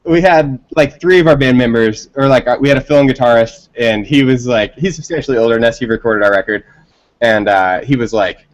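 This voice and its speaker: A man's voice: mid-range voice, a little fast, low-quality recording. A man, a band member being interviewed, telling a long story in casual, rambling talk with frequent laughs.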